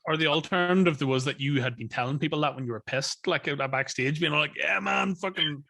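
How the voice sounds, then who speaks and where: A man in a casual chat as co-host, making quick jokes and swearing freely. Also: fairly high pitch, steady tone, a bit bright, no echo. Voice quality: joking, fast quips, casual swearing. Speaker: co-host, metal musician.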